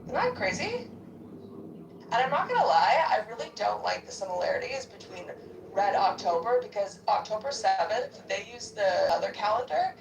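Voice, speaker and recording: A woman chats casually with friends, blunt and crude, her voice lively. She sits some way back from the mic. The room around her sounds echoey with faint noise. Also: medium pitch, moderate pace, gravelly. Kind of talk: casual group chat. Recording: roomy, distant mic.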